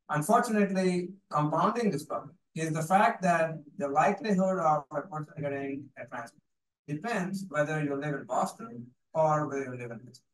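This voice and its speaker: A man gives a playful seminar talk, keeps punctuating with "right?" and pushes his points hard. His voice sits high for a man, and it comes from some way off the mic in a very echoey lecture hall. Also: lively intonation, normal speed, distant mic. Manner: playful, emphatic, with many repeated "right?" tags. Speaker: guest speaker.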